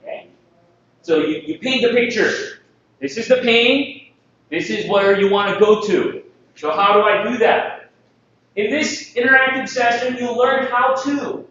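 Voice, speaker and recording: A man from the Philippines giving a lively conference presentation, joking and asking the audience questions. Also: high-pitched, slight background noise. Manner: jokey, asks the audience questions. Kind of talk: live presentation talk. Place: conference hall. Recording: distant mic, echoey hall, dull sound.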